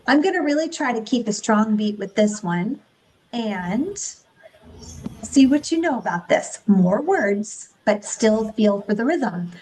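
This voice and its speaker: A woman's voice: a little high, a little mellow, poor audio. A woman leading an online group speech class, encouraging her students as she coaches them through rhythm drills.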